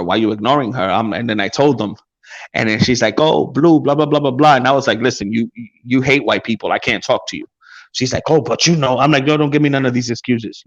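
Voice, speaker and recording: Crude storytelling man, lo-fi sound. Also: medium pitch. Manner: crude, profane anecdotes with many fillers. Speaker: podcast co-host. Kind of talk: casual chat, storytelling.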